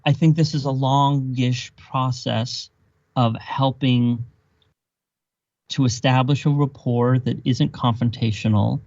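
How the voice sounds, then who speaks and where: A man's voice: mid-range voice, darkish tone, no room sound. Man firing rhetorical questions, dry dull sound. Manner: emphatic, builds points with rhetorical questions. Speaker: podcast guest. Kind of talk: explanatory conversation.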